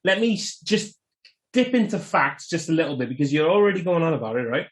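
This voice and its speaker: A man's voice: a little high, sing-song, fast talker. A man co-hosting a podcast, casually explaining a film's plot and trivia in a matter-of-fact way. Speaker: podcast co-host. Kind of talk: casual film discussion.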